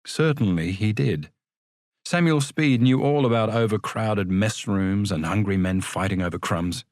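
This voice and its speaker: A man reading a novel aloud as an audiobook narrator, with an expressive storytelling delivery. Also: fairly low pitch, normal speed, dry recording, studio quality.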